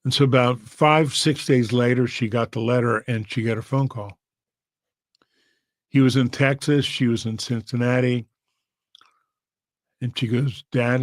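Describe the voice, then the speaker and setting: A man's voice: mid-range voice, vocal fry, dry recording. A man, a pastor, telling an emotional story in an earnest, heartfelt way. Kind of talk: storytelling sermon.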